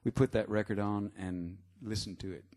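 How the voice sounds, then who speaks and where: Singer-songwriter, low voice, halting onstage yarn-spinner over guitar. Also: male voice, fairly even intonation. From Texas. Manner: rambling, halting storyteller with many fillers. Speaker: singer-songwriter performing live. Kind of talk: stage banter between songs. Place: live music venue. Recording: live concert with guitar playing. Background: guitar music.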